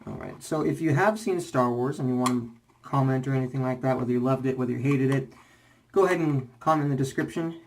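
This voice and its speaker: A man's voice: mid-range voice, fast talker, slight background noise. Young man, casual vlog rambling, slightly out of breath, lots of fillers. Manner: rambling, many fillers and restarts. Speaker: shaving vlogger.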